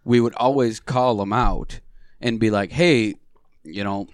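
A man's voice: lowish voice, a little slow, no echo, studio quality. A man co-hosting a podcast, blunt and laughing as he tells stories with plenty of swearing. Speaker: podcast co-host. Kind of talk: casual chat. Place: podcast studio.

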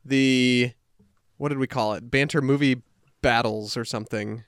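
A man's voice: mid-range voice, fairly even intonation, a bit bright, clean tone, no echo, studio quality. A young man co-hosting a podcast, chatting in a playful, upbeat way. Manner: playful and upbeat, quick to laugh. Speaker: podcast co-host. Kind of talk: casual podcast banter.

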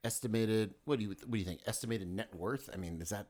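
A man's voice: lowish voice, fast, darkish tone. A man co-hosting a casual podcast chat, rambling and crude, joking and restarting his sentences. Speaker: podcast co-host.

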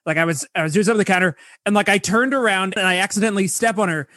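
A man's voice: sits high, racing, sharp tone, no echo, clean studio sound. A man on a movie podcast telling a rambling anecdote full of "like". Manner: rambling, many fillers like "like". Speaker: podcast co-host.

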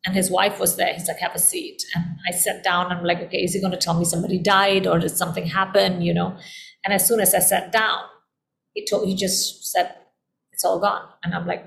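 Earnest middle-aged woman, gravelly edge. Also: fairly low pitch. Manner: earnest, heartfelt, repeats phrases for emphasis. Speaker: guest. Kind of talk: personal storytelling in conversation.

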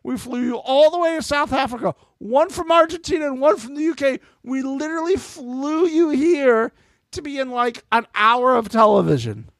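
A man's voice: very high-pitched, expressive, moderate pace, a bit bright, no echo. A man co-hosting a podcast, chatting casually and mockingly about a reality show, swearing freely. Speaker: podcast co-host.

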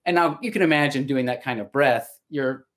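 A man's voice: mid-range voice, a little fast, fairly bright tone. A middle-aged man and voice actor talking casually as a podcast guest, reflective and storytelling, often restarting his sentences. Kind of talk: casual conversation.

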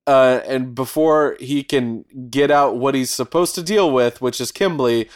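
A man in casual podcast chat, retelling a show's plot with lively acted-out character lines and casual swearing. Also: medium pitch, measured pace. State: has the hiccups. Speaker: podcast co-host recapping anime episodes.

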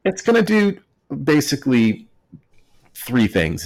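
A man's voice: low voice, normal speed, darkish tone. A man hosting a casual history podcast, telling it in a jokey, sarcastic way. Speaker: podcast host.

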